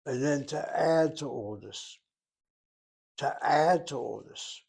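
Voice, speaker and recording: A man's voice: a little high, slow pace, gravelly, a little mellow, breathy edge. Older man explaining Hebrew words. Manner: explanatory, asks and answers his own questions. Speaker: Hebrew teacher. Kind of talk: classroom lecture.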